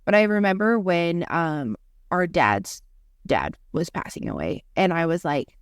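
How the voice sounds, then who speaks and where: A woman's voice: lowish voice, big pitch swings, unhurried, smooth, dry recording, studio quality. A young adult woman, a podcast co-host, telling a story in casual chat and filling it with lots of "like". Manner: rambling, heavy use of "like" fillers.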